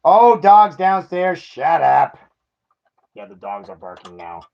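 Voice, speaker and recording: A man's voice: a little high, very animated, slow pace, gravelly, dull audio. A man chatting casually while unboxing a collectible toy car, self-mocking and laughing at himself.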